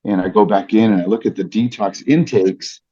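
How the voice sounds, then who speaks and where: A man's voice: lowish voice, fairly even intonation, moderate pace, warm tone, muffled recording. A man, a podcast guest and ring announcer, earnestly retelling a personal story with vivid detail and fillers.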